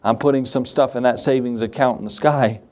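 A man's voice: medium pitch, fairly even intonation, brisk, darkish tone. A man pastor delivering a sermon, emphatic, posing questions and answering them himself. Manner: emphatic, asks and answers his own questions.

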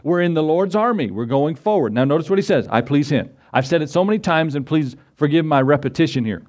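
Reading scripture slowly and asking his congregation rhetorical questions, a male pastor delivers a sermon. He sounds animated, with a slightly high voice and a darkish tone.

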